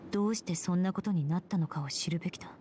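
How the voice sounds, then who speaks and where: A woman voicing a determined female mage's inner thoughts in a game, in whispered role-play, hushed and clipped. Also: fairly low pitch, racing, slight background noise, lightly acted. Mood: resolute.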